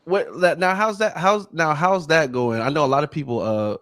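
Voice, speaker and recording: A man's voice: fairly high pitch, moderate pace, a bit bright, no room sound, clean studio sound. Slangy laid-back male podcast host. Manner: laid-back slangy talk, many fillers and restarts. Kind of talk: casual interview chat.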